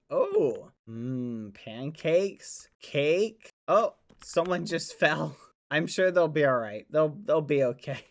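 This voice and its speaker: A man's voice: a little high, slow pace. A young man streaming a game, gushing over gifts with clean stand-in swears, many "aw"s and much laughing. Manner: says "aw" again and again, laughs often. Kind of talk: live game stream chat.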